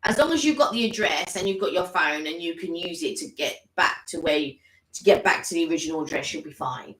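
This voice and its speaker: A woman's voice: on the low side, lively intonation, a little fast, a bit bright. A woman co-hosting a casual live stream, chatting at length and filling her talk with "like" and "sort of". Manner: chatty, rambling, full of "like" and "sort of". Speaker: co-host. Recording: roomy echoey room.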